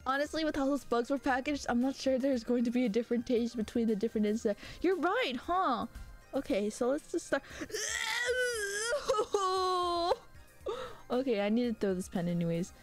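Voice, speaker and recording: A woman streaming live who chats casually with her viewers, animated and prone to high squealing outbursts and laughter. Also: brisk, soft background music.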